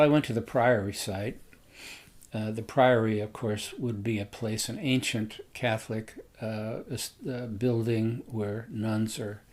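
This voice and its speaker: A man casually telling a personal story in an unhurried, rambling way, often pausing on "uh". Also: on the low side, husky. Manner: unhurried, rambling, with frequent hesitations.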